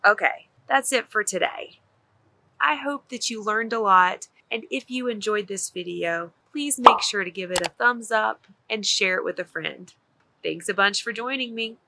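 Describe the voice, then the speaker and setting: A woman teaching an English grammar lesson in a clear, encouraging, scripted delivery. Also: medium pitch, normal speed, bright, forceful tone, slight background noise.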